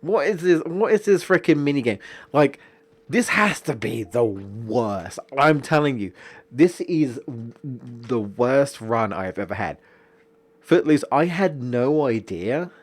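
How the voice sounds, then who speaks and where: A man's voice: mid-range voice, expressive, slow. Profane, ranting young male game streamer. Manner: profane, exasperated, jokey rants. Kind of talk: casual gaming stream commentary.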